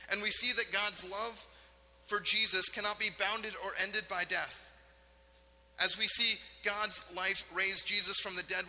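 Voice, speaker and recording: A male pastor delivers an earnest, emphatic sermon from a church sanctuary, leaning on dramatic pauses. His voice sits high and rings with a sharp, bright edge. A long reverb trails each phrase, with a faint hum underneath.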